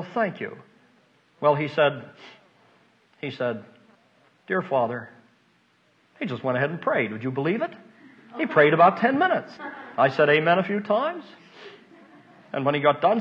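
An older man preaching a folksy, emotional sermon, moving between hushed asides and loud emphasis. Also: on the high side, very animated, normal speed, pauses often. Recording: dull lo-fi recording.

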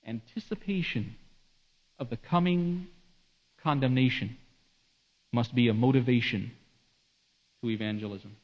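A man preaching a sermon, swinging between hushed, slow passages and emphatic, rising delivery. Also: mid-range voice. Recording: dull lo-fi recording.

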